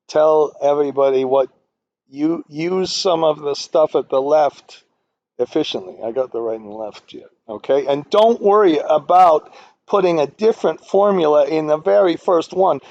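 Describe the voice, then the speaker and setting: A man walks through a finance spreadsheet in a rambling, opinionated way, full of fillers and restarts. His voice sits a little high and has a gravelly fry to it. The recording is dry and a bit dull, like a computer mic. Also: a little mellow. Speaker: finance instructor. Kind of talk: screen-recorded spreadsheet tutorial. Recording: dull, dry low-fidelity audio.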